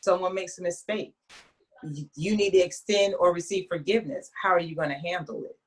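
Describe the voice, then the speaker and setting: A woman with a fairly low-pitched voice, talking as an author in a casual interview. She tells her stories in a chatty, animated way and often starts sentences over. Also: a little fast, husky. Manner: chatty, animated storyteller with frequent restarts and laughs.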